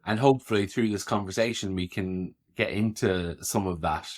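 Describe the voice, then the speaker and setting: A man's voice: fairly low pitch, normal speed. A man hosting a podcast, asking curious questions and affirming his guest in a conversational way. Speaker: podcast host. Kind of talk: conversational interview.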